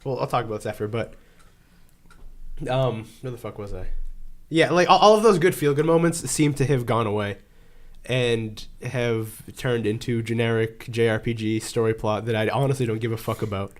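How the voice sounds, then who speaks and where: A man's voice: mid-range voice, normal speed. A man co-hosting a podcast in casual chat, candid and blunt, swearing freely and stumbling over restarts. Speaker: podcast co-host.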